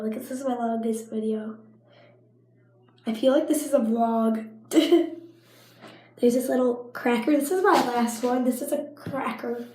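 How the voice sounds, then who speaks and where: A woman's voice: a little high, dark tone, a little hiss or hum. A teenage girl with a cold, coughing often as she chats and rambles through a casual show-and-tell vlog at home. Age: teens. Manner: chatty, rambling, with frequent coughs and likes. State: sick with a cough and sinus infection. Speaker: vlogger. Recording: echoey room.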